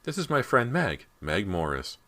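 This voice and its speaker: A man's voice: fairly low pitch, big pitch swings, moderate pace, fairly bright tone, pitched above the performer's own voice. A man voicing a confident teenage girl with a sarcastic, teasing manner, in an audiobook reading.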